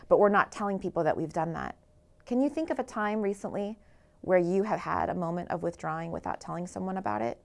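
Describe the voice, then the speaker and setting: A woman's voice: on the low side, a bit bright. A woman author giving an earnest motivational talk, asking the listeners rhetorical questions. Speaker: author and speaker.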